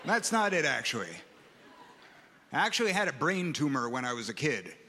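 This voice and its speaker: A man doing stand-up in a slow, deadpan, stoned-sounding delivery. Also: mid-range voice. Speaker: stand-up comic. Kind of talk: stand-up comedy. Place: comedy club stage. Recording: reverberant hall with room noise.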